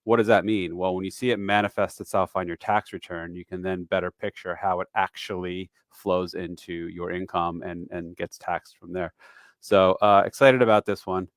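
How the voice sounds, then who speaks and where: Man, 40s, live-stream tax educator; slightly low voice, chatty and self-deprecating, dad-joke humor, dry close sound. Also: steady tone, normal speed, dry recording. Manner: loose and chatty with dad jokes, many fillers. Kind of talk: casual live-stream walkthrough.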